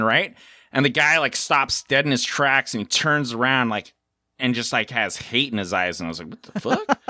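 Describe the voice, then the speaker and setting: A middle-aged South African man co-hosts a podcast, telling stories casually and animatedly while acting out the voices of the people involved. His voice is medium-pitched, and the recording is dry, with studio quality.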